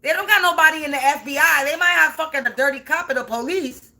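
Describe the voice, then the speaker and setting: Her voice is high, pushed and bright, and she talks quickly. The woman, a spiritual reader, rants to camera without a script, cursing freely and stressing her points through repetition.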